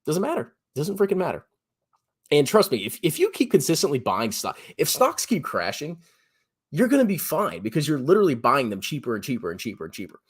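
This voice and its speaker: A man in his thirties giving blunt, sarcastic personal finance commentary on his own channel, often jumping to a high mocking pitch. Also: wildly swooping pitch, a little fast, husky. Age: 30s. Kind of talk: animated solo commentary.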